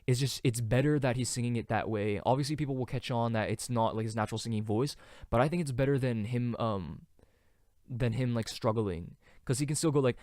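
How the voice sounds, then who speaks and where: A young man hosting a casual solo podcast, rambling with many fillers and now and then trying out falsetto singing. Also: a little fast, a little mellow, dry recording, studio quality. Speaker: podcast host.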